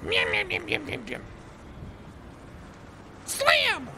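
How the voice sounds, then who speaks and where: A man voicing a loud, chaotic young woman who squeals with glee and shrieks taunts in a game role-play. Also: extremely high pitch, huge pitch swings, drawn-out words, gravelly, slight background noise, full character voice. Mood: gleeful.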